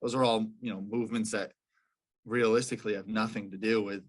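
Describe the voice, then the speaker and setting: A man's voice: lowish voice, fairly even intonation, brisk. A young man, a professional lacrosse player, telling stories as a guest in a casual podcast interview, with many fillers and restarts.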